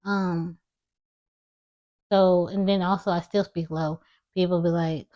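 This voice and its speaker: Soft-spoken young woman, mumbling low. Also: fairly even intonation, normal speed, dull audio. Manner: low, mumbling speech with a slight lisp. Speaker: vlogger. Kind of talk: casual personal storytelling to camera.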